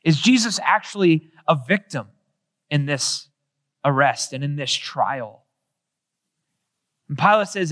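A man's voice: on the high side, expressive, slow pace, pauses often, fairly bright tone. A man preaching a sermon in an earnest way, asking rhetorical questions and acting out quoted dialogue. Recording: long hall reverb.

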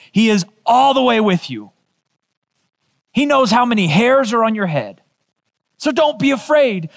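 A male pastor preaching a sermon, telling a story with emphatic, animated delivery. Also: high voice.

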